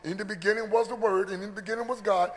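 A man's voice: high-pitched, steady tone, very fast. A man preaching a teaching sermon, earnest, often repeating words as he builds a point. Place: church. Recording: long church hall reverb.

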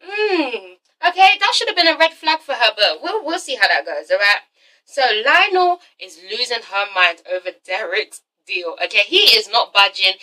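High bright sassy woman reviewer. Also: low-quality recording. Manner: sassy, profane, tags lines with "okay?". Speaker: TV episode reviewer. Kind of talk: casual recap vlog.

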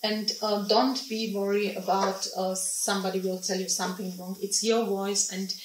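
A woman, a singing teacher, explaining in halting, phrasing with many pauses and restarts. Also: medium pitch, level tone, background noise. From Slovakia. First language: Slovak. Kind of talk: informal teaching talk. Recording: roomy sound from a distant mic.

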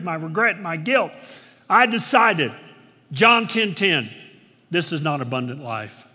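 An older man delivers a sermon from a church pulpit. His voice is bright and sits somewhat high for a man, rising to loud declarations and then dropping to near-murmured asides. Long reverb from the hall trails after each phrase. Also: expressive, takes it slowly, husky. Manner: preaching with big swings from shouts to hushed murmurs. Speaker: pastor. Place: church sanctuary.

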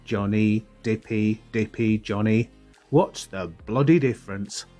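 A man's voice: fairly low pitch, measured pace, dark tone, faint music behind, close to an everyday voice. A man voicing a cocky young boy who mocks his friends. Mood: mocking. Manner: swaggering, mocking banter.

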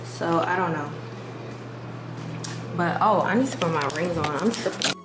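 A woman's voice: fairly low pitch, measured pace, roomy sound, music in the background. A young woman vlogging in casual, slangy chat, rambling with fillers and asides to her viewers. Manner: chatty and slangy, trailing off with fillers. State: tired and low-energy at first.

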